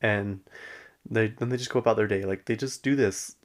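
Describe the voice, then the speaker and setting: A man's voice: lowish voice, moderate pace. A man hosting a podcast, chatting casually and gossipy as he recaps a reality show, laughing often. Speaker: podcast host.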